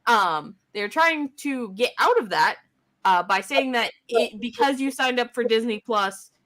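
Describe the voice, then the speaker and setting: A woman co-hosting a casual podcast chat, explaining with many pauses and fillers. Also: on the high side, lively intonation, fairly bright tone. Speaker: podcast co-host.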